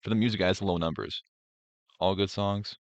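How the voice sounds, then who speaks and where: A man's voice: sits low, steady tone, moderate pace, no echo. A young man hosting a casual reaction stream, rambling and profane, mocking what he watches with lots of filler words. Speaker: streamer host. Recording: dry, dull lo-fi stream audio.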